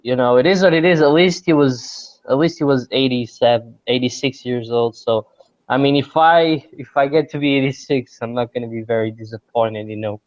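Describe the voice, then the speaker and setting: A man's voice: medium pitch, normal speed, no echo, muffled recording. A male podcast host chatting casually about football, rambling and repeating his words as he starts sentences.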